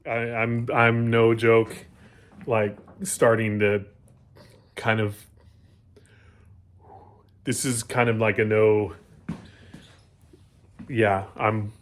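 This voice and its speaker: A man hosting a casual bike build vlog, excitable and joking, often stammering and restarting his sentences in a home workshop. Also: on the low side, extremely slow, long pauses, a little hiss or hum. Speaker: channel host.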